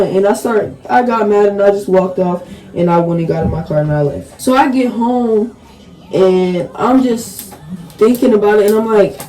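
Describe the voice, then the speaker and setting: A woman's voice: mid-range voice, normal speed, mellow, low-quality recording. A young woman telling a casual storytime vlog, rambling along with lots of "like"s and restarts. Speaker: storytime vlogger.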